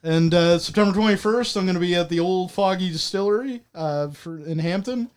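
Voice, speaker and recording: A man co-hosting a comedy podcast, listing upcoming gigs between wisecracks. His voice sits noticeably high for a man. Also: a little fast, clean tone. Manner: joking, wisecracking. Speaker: podcast co-host. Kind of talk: casual chat.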